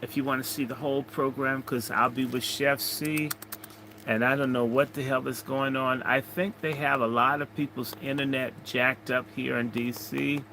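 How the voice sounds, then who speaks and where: A man's voice: medium pitch, pushed and bright, a little hiss or hum, rough recording. A man hosting a casual livestream, rambling and joking as he reads out viewer comments. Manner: rambling, jokey, chatting to viewers. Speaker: livestream host.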